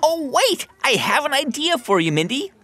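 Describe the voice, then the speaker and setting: A man's voice: extremely high pitch, sing-song, normal speed, sharp tone. A man hosting a comedic kids' science show, nerdy, eager and stammering. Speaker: host.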